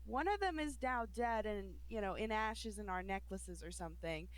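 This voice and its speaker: A woman's voice: medium pitch, animated, normal speed. A woman playing a tabletop role-playing game, talking in a sarcastic way and swearing freely. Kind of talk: in-character tabletop play.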